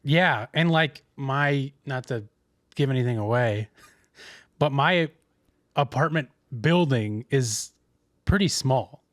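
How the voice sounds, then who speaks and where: A man's voice: medium pitch, takes it slowly, pauses often, a bit bright, dry recording, studio quality. A young man, a podcast co-host telling a rambling story in casual chat with many restarts.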